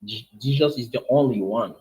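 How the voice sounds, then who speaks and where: A man's voice: mid-range voice, normal speed, dark tone. A man from Haiti with a Haitian accent, talking hesitantly and apologetically in a casual online debate, often repeating his words. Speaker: participant in online discussion. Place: online voice chat room.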